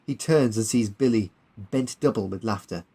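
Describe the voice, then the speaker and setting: A man's voice: on the low side, moderate pace, dark tone, a little hiss or hum, rough recording. Man narrating a war audiobook. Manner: plain storytelling. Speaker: narrator and author.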